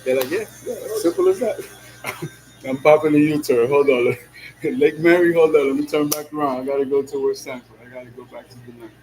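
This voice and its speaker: Brisk and medium-pitched, with fairly even intonation, this male vlogger talks casually while driving over music and some background noise. He uses a lot of slang, especially "yo" and "you know what I'm saying," and laughs frequently between lines.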